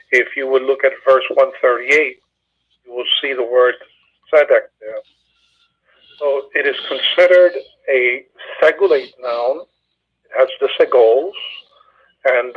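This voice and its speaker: A man leading a Bible study, patiently and methodically explaining Hebrew grammar with frequent filler pauses. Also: medium pitch, husky. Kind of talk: Hebrew grammar lesson over a phone call. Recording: tinny phone line.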